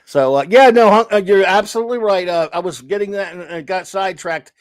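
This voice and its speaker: A man's voice: high voice, a little fast, no room sound. A man hosting a casual chat show about comics, talking enthusiastically and rambling with restarts. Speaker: podcast host.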